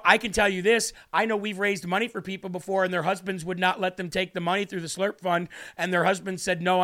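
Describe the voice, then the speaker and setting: A man's voice: high voice, sharp tone. A man preaching an emotional livestream sermon, pleading and repeating questions for emphasis.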